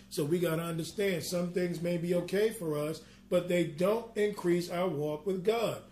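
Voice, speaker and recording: A man ministering a sermon, reading scripture slowly and then explaining it in an earnest, conversational way with personal asides. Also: a little high, dark tone, slight background noise. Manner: reads scripture slowly in King James wording.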